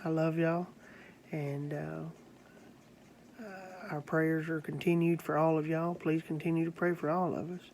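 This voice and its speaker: A preacher tells a sermon story at an unhurried pace. The delivery is earnest and halting, with many pauses, and faint noise sits under the voice. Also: medium pitch, level tone, darkish tone. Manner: slow, earnest, halting with fillers.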